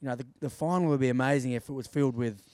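A man co-hosting a podcast, relaxed and teasing, giving measured rugby predictions. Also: medium pitch, dry recording. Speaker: podcast co-host. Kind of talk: casual sports analysis.

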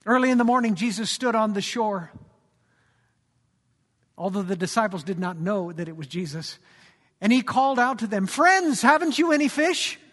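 A male pastor delivers a sermon as dramatic storytelling, pressing his listeners with rhetorical questions. His voice sits high for a man. Every phrase trails off into a long hall reverb. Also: moderate pace, long pauses, fairly bright tone.

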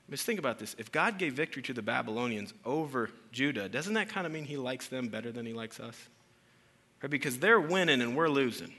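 A pastor in his thirties delivers a sermon in a loose, conversational way. His voice is bright and forward, and he peppers the talk with jokes and questions to the congregation. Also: mid-range voice, breathy edge. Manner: casual, joking, conversational preaching with questions to the congregation.

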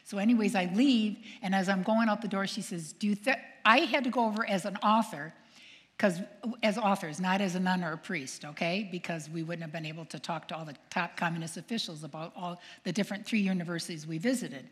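An older woman, a nun, telling stories to an audience in a lively way, acting out quoted voices and asking her listeners questions. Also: lowish voice, fairly quick. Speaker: nun and speaker. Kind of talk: storytelling talk to an audience. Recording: long hall reverb.

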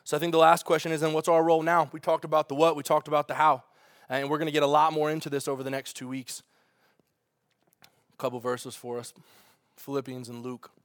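A man, a pastor preaching a sermon with funny family stories and lively asides. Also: fairly high pitch, fast, no echo, clean studio sound. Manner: storytelling with humor, animated asides.

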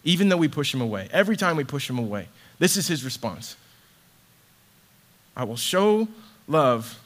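A man's voice: medium pitch, a bit bright. A man with an ordinary mid-range voice reads scripture and reflects on it devotionally. He speaks earnestly and from the heart, doubling back on words as he feels his way through the thought. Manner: earnest, heartfelt, repeats words as he searches for them. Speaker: church ministry associate director.

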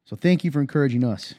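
A man, a pastor, co-hosting a casual talk show and telling stories in a quick, emphatic way. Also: medium pitch, dry recording, clean studio sound. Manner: animated storyteller, quick and emphatic. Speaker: pastor and podcast co-host. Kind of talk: casual chat.

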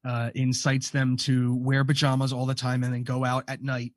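Flat-voiced man with dry delivery. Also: mid-range voice, moderate pace, no room sound. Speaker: podcast co-host. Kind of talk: casual chat.

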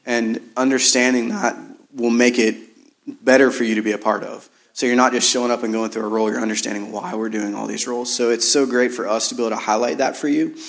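Hoarse church team leader with a gravelly voice. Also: male voice, mid-range voice, steady tone, fast talker. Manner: loose and rambling, with fillers. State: hoarse voice from singing. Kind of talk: casual church talk. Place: church service in a large room.

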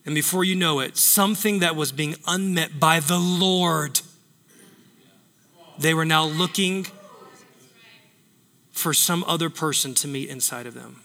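A man preaching with a high, very bright and forceful voice. He presses his points hard and repeats key phrases to drive them home. His voice rings with long reverb, as in a large church hall. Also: measured pace, gravelly, pauses often. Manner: emphatic, repeats phrases for effect. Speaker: pastor. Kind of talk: sermon.

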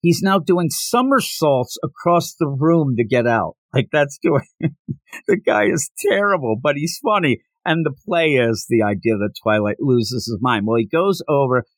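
A man's voice: medium pitch, expressive, unhurried, dry recording. A man hosting a podcast, casually recapping a manga chapter and briefly acting out the characters' lines and sound effects. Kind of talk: casual recap with quick voiced quotes.

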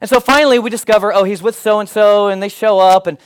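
This middle-aged male pastor has a high-pitched, smooth voice and preaches fast, animatedly telling funny stories in put-on voices. The recording is rough.

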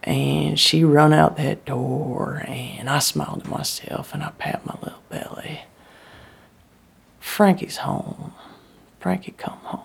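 Gravelly woman telling a story. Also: deep voice, slow. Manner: drawling dialect storytelling, slipping into breathy whispers. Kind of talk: first-person dramatic monologue.

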